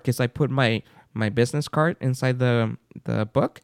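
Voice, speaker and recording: A man's voice: medium pitch, fairly even intonation, normal speed, gravelly, clean tone, no echo, clean studio sound. A man co-hosting a podcast, telling a story in a casual chat and acting out the people in it. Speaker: podcast co-host.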